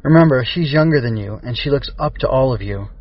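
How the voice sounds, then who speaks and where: A man voicing a patient, gentle mother in a storybook reading. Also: medium pitch, expressive, a little fast, no room sound, recorded from a distance, highs cut off, close to an everyday voice.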